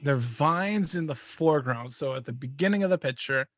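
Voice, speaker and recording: A man's voice: medium pitch, animated, fairly quick, faint music behind. A man co-hosting a podcast in casual chat, joking and hesitant while he guesses. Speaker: podcast co-host.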